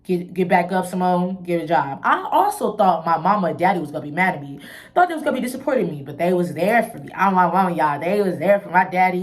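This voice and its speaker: A young woman telling a personal story in a casual vlog, candid and emotional, full of slang and asides to her viewers. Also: lowish voice. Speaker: vlogger.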